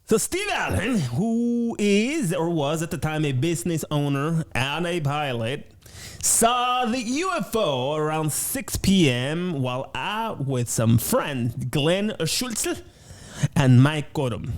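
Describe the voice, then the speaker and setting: A man's voice: fairly high pitch, very animated, slow pace. A man hosting his show in a playful, goofy way, talking casually from a home studio. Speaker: show host.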